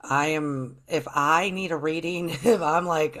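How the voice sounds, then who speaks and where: A woman's voice: deep voice, unhurried, hardly any pauses, a bit bright. A woman hosting a spiritual interview show, talking in an earnest, chatty way with long, rambling questions. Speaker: host.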